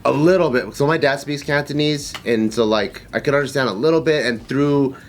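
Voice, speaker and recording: A man's voice: medium pitch, fairly quick, a little hiss or hum. A man in casual podcast chat, joking and laughing a lot. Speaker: podcast host.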